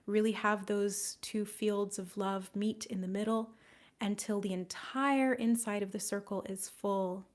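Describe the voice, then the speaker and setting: A young woman hosts a live psychic stream in a gentle, soft-spoken way. She guides the listeners through a group healing and thanks them by name with effusive warmth. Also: mid-range voice, fairly even intonation, a little slow. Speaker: psychic medium hosting a live session.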